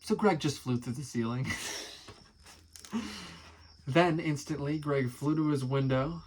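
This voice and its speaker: A man's voice: medium pitch, measured pace, darkish tone, slight background noise, low-quality recording. A man casually reading aloud and commenting, amused and chatty, swearing now and then. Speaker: musician and video creator.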